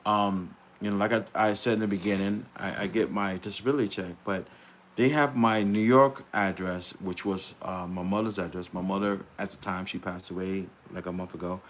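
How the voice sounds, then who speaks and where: A man's voice: lowish voice, steady tone, moderate pace, a little hiss or hum. A middle-aged man hosting a casual live-stream chat, talking in a loose, rambling way and laughing easily. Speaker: host.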